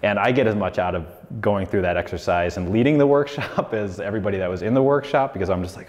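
A man's voice: on the low side, fast talker, a little mellow. A man in his forties telling his story in a casual, rambling lecture, with lots of "like" and "you know". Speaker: designer giving a lecture. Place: lecture hall. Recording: long hall reverb.

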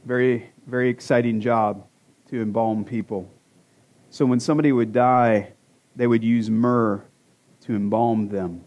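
Pastor in his forties, mid-pitched man's voice, easygoing sermon delivery with dad jokes. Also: fairly even intonation, a little slow, a little mellow, muffled recording. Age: 40s. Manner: conversational, self-deprecating jokes, rhetorical questions. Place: church sanctuary.

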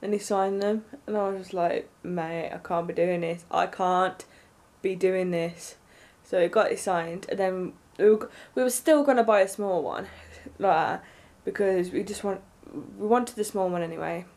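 A young woman vlogging, telling a story in an excited, rambling way with lots of fillers. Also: medium pitch, normal speed, few pauses. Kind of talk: casual storytelling to camera.

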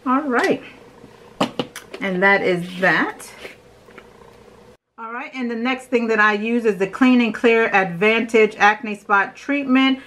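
A woman's voice: fairly high pitch, takes it slowly, pauses often, fairly bright tone, a little hiss or hum, poor audio. A young adult woman chatting enthusiastically as she shows her morning skincare routine at home. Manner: chatty, enthusiastic, talks while doing the steps. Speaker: beauty vlogger. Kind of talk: casual skincare routine demo.

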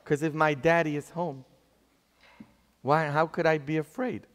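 A man's voice: a little high, fairly even intonation, unhurried. A man with a Polish accent, a pastor preaching a sermon in a church and earnestly asking the congregation questions. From Poland. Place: large church. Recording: long church hall reverb.

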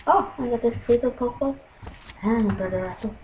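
A young woman commentating her own gameplay, frustrated and trash-talking, with excitable outbursts. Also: on the high side, fairly quick, slight background noise, poor audio. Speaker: gaming commentator.

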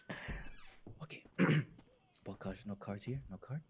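A hoarse young man commentating a horror game, jittery and repeating himself as he plays. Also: lowish voice, lively intonation, background noise. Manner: jittery, talks to himself, repeats words rapidly. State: hoarse, sore throat. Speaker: gaming channel host.

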